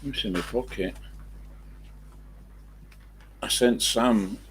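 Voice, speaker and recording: An older man, rambling through a story on his live stream, full of pauses and fillers. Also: fairly low pitch, fairly bright tone, a little hiss or hum.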